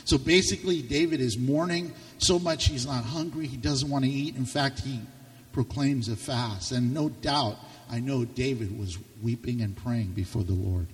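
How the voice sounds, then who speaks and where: A man preaching a sermon with passion, his voice swinging from loud to hushed. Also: mid-range voice, normal speed. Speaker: pastor. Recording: reverberant hall, distant mic.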